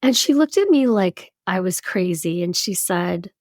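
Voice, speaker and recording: A woman in her fifties, appearing as a podcast guest, tells a personal story in a lively, animated way, acting out what other people said. Her voice is fairly low for a woman, and she speaks a little slowly with few pauses. The recording is dry and close, with no room echo.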